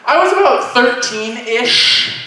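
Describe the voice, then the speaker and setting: High bright-voiced man doing stand-up. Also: slow pace. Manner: animated, acts out voices in anecdotes. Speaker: stand-up comedian. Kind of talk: stand-up storytelling. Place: convention panel room. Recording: echoey room from far off.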